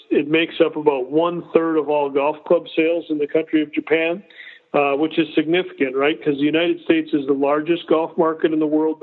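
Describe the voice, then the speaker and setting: A man in his fifties, a guest on a casual interview, explaining at length with frequent restarts. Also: fairly high pitch. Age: 50s. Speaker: golf company executive guest. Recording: tinny phone line.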